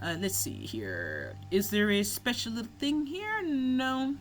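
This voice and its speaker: Animated young woman with lively pitch. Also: measured pace, slight background noise. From United States. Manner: animated, laughs often, swears freely. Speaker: let's play co-host. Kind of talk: casual gaming banter.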